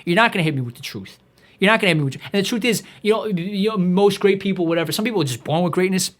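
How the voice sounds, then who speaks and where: A man delivering a profane comedic rant in a rapid, exasperated, swearing tirade. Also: high voice. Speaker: comedic ranter.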